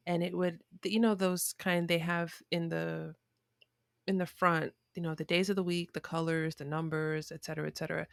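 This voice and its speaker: As a podcast guest, a woman reflectively recounts a childhood story, often restarting and using fillers in a conversational way. Her voice is lowish with vocal fry, captured in clean studio sound without echo.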